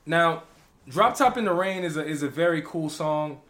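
Podcast co-host, male, slightly high voice, loose and jokey, talks in fillers and restarts. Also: normal speed. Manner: animated, joking, lots of fillers. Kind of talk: casual music review chat.

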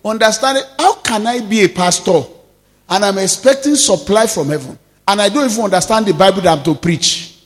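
Emphatic pastor preaching in a hall. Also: male voice, high-pitched, expressive. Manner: emphatic preaching, calls out to the congregation, drawn-out stressed words. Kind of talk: sermon.

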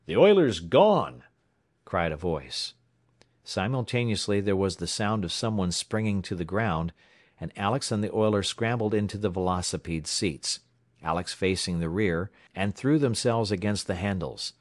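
A man narrating an adventure audiobook in a steady, measured reading style. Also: lowish voice, no echo, studio quality.

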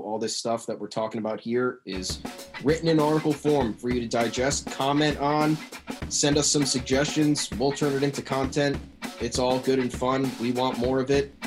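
A man co-hosting a sports podcast, giving his opinions in an easygoing, casual way. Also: medium pitch. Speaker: podcast co-host.

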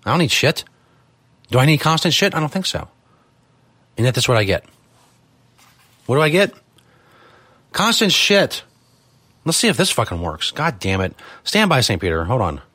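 A man's voice: mid-range voice, sing-song, fairly quick, pauses often, a bit bright, breathy edge, no echo. A man hosting a live studio show, talking casually in a profane, exasperated ranting manner. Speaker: podcast host.

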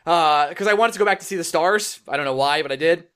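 A young man co-hosting a podcast, telling a story in casual chat and acting out quotes with a lively voice. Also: fast talker, smooth. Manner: animated, acts out quotes in higher voice. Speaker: podcast co-host.

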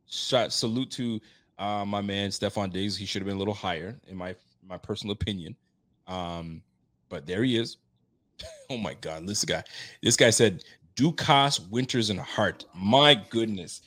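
Hyped sports podcast guy, laughs a lot, gets loud when he makes a point. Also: fairly low pitch, moderate pace. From Haitian roots. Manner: animated, laughing, swings loud for emphasis. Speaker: podcast host. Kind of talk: casual sports chat.

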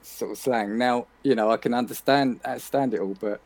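A British man on a podcast, chatting in a relaxed, self-deprecating way and laughing as he talks. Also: medium pitch, brisk. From Britain. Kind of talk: casual chat.

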